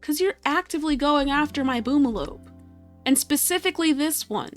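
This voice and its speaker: A woman with a fairly high voice giving live commentary over a game stream. She sounds exasperated, swears freely and talks straight to the game. Soft game music plays quietly underneath. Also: brisk.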